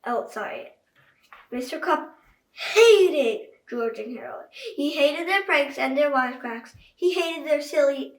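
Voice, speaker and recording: A woman's voice: high voice, a bit bright. A woman reading a children's book aloud, chatting directly to young listeners. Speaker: children's story reader. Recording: echoey room, voice far from mic.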